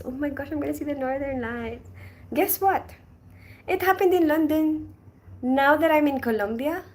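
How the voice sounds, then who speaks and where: A woman chatting casually on a live stream, telling a travel story in a lively, animated way and reading viewer comments aloud. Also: mid-range voice.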